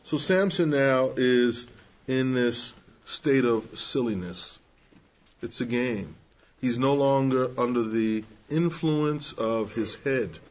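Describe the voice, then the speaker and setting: A man preaching to young people, measured and emphatic, acting out the people he quotes. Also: medium pitch, muffled recording. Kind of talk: sermon.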